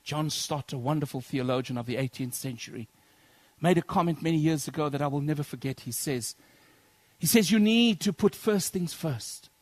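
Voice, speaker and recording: A man preaching a sermon to his congregation, swinging from loud declaiming to soft near-whispers. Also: fairly high pitch, a little fast, no echo. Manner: addresses congregation as brethren.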